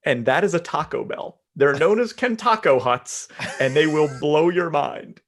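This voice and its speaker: A man's voice: on the high side, expressive, unhurried. A man co-hosting a casual podcast, teasing and bantering with his partner. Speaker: podcast co-host. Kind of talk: casual chat.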